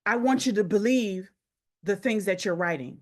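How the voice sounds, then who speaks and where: A woman's voice: medium pitch, lively intonation, normal speed, darkish tone. A woman leads a motivational coaching session over a group call. She drives her points home through repetition and direct appeals to her listeners, with a voice in the middle of the usual range. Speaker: business coach.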